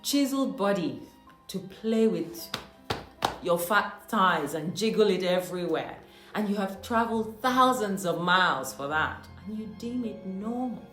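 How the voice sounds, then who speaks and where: A woman's voice: mid-range voice, lively intonation, measured pace, a bit bright. A woman from Nigeria telling a personal story in a monologue. She talks animatedly, with mock-outraged asides, and laughs often. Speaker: host. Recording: echoey room with faint music.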